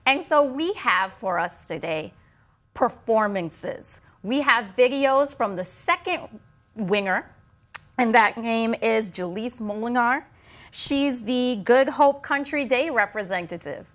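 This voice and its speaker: A woman presenting and introducing student poetry videos in a measured way. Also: fairly high pitch, animated, fairly bright tone. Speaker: education show host. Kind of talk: broadcast introduction.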